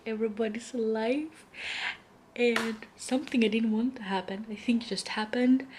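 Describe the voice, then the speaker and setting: A woman's voice: medium pitch, husky. Gushing young woman book vlogger. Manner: gushing, emotional, dramatic about books. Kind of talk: casual reading vlog chat.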